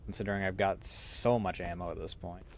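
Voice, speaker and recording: A man's voice: low voice, steady tone, a little fast, gravelly, a little hiss or hum. A man giving casual, wry gameplay commentary, muttering to himself as he plays. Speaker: gamer streamer.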